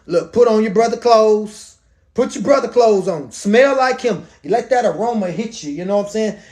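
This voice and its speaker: A man's voice: high voice, normal speed, a little mellow, lightly acted. A man voicing a scheming, protective mother who talks her son into her plan in a coaxing, bossy, slangy way. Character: scheming protective mother, middle-aged woman.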